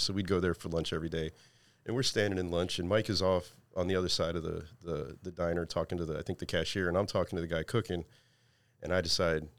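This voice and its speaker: A man's voice: deep voice, creaky, no room sound. A man on a podcast, telling a funny story in casual chat and laughing along as he goes. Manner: laughs through his own stories. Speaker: podcast guest.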